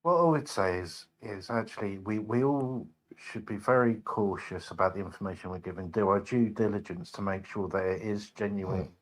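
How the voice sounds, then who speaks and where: A man on a live stream speaks slowly and carefully, tripping over his first words. His voice sits a little low. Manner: halting, stammering, measured. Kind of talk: casual call-in chat.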